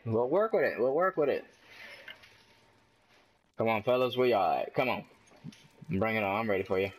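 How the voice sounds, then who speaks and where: A man giving casual gameplay commentary, excitable and trash-talking, yelling at enemies and cheering himself on. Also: lowish voice, moderate pace, long pauses. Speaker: gaming commentator.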